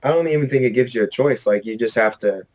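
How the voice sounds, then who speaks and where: A man's voice: medium pitch, fast talker, a little mellow, rough recording. A man co-hosting a podcast in casual chat, laid-back, often answering with short agreeing replies. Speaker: podcast co-host.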